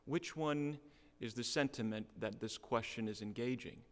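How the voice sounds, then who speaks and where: A man preaching a sermon in an animated way, acting out the voices of the people he quotes. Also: moderate pace, in a large hall. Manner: animated, acts out quoted voices with sudden pitch jumps.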